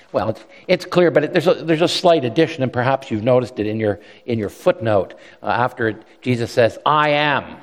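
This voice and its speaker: A man's voice: on the high side, big-room sound. A man preaching a sermon in a conversational way, often repeating himself and voicing the quotes he tells. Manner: conversational, repeats words, animated voices for quotes.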